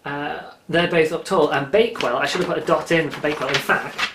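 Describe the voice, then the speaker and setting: A man's voice: fairly high pitch, fairly quick, echoey room, noisy background. A man from England hosting a podcast, chatting casually and rambling with lots of asides. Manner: rambling, chatty, self-interrupting. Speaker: podcast host. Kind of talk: casual chat.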